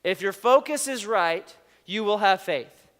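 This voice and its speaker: Playful high-voiced male preacher in a hall. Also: animated, measured pace, a bit bright. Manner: playful, laughs often, asks the audience questions. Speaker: youth pastor. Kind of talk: casual youth sermon. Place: large hall with an audience. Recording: long hall reverb.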